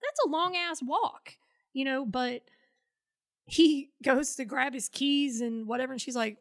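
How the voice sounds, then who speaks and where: Candid woman, slightly high voice. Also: a little slow. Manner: blunt and profane, acts out quoted dialogue. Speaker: podcast guest, Navy veteran. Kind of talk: candid personal storytelling.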